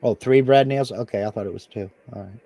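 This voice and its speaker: A man's voice: fairly low pitch, fairly quick, crowd noise. A man chatting casually with a friend, easygoing and dryly joking. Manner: easygoing, dry humor. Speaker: friend keeping the host company. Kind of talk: casual chat.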